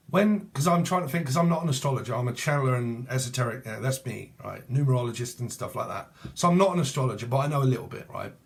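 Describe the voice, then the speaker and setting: Rambling, crude British man reading tarot. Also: medium pitch. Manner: rambling, crude, laughing asides. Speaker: tarot reader. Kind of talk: casual tarot reading monologue.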